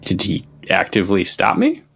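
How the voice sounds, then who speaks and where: A man's voice: low-pitched, huge pitch swings, normal speed, creaky, fairly bright tone, slightly rough. A man playing in a tabletop game, speaking bluntly and casually. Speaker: player.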